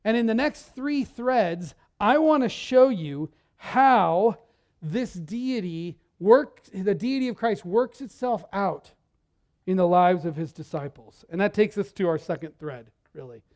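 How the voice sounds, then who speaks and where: A male pastor preaching a sermon in a church, talking in a conversational, animated way and often repeating words as he goes. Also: high-pitched, unhurried.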